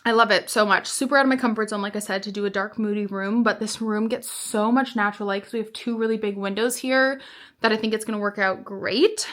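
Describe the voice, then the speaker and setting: A woman's voice: medium pitch, steady tone, brisk, fairly bright tone. A young woman chatting casually to camera at home in a vlog, bubbly and chatty. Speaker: vlogger.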